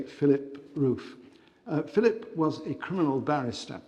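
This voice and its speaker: An older man chairing an evening lecture, giving a formal welcome with measured delivery and dry jokes, on a mic in an arts centre hall. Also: fairly high pitch, a little mellow, husky. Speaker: event chair introducing a lecture. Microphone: handheld mic on stage. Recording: reverberant hall.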